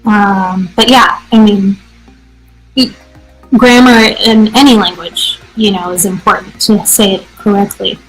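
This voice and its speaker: An American woman hosting a live English practice show, answering viewer questions in an energetic, chatty way. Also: mid-range voice, unhurried, faint music behind, poor audio. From United States. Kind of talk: casual live-stream teaching.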